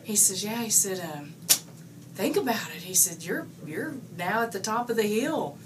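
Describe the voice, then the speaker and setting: Animated woman in her forties, far from mic. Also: mid-range voice, moderate pace. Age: 40s. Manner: animated storytelling, acts out quoted lines. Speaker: coworker giving a tribute. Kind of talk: casual anecdote. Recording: distant mic with noticeable room noise.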